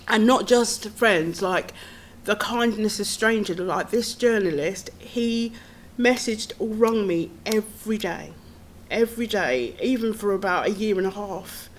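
A middle-aged woman with a medium-pitched voice is a podcast guest telling her own story, earnest and tumbling, with nervous laughs. There's slight background noise.

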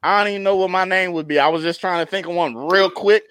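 A young man and podcast co-host telling an animated comedic story in casual chat, laughing often and constantly checking in with his listeners. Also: high-pitched, fast talker, clear, resonant tone, no echo. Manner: animated storytelling with constant laughs and "you know what I'm talking about".

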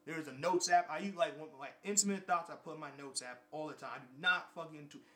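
His voice is a little high, pushed and bright, and he talks fast. The young vlogger goes on casually and at length, circling back over the same points and cursing freely.

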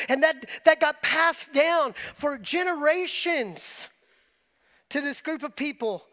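A middle-aged man preaching a sermon, telling stories in a relaxed, conversational way with frequent laughs. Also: very high voice. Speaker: pastor.

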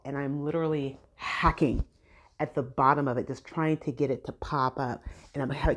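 Chatty Southern California woman, low voice, casual storytelling, plays out quotes. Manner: chatty, acts out quoted dialogue. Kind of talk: casual personal anecdote.

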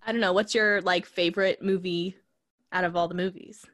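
A woman co-hosting a casual podcast, relaxed and rambling, giggling between thoughts. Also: fairly low pitch, fairly quick, no echo, clean studio sound. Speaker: podcast co-host. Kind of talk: casual chat.

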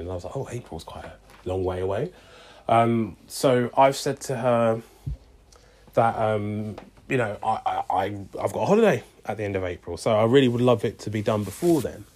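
With a medium-pitched, darkish tone, a young man recounts a lengthy story in a relaxed way. Voicing both sides of the exchange, he keeps saying "I was like" and "she's like."

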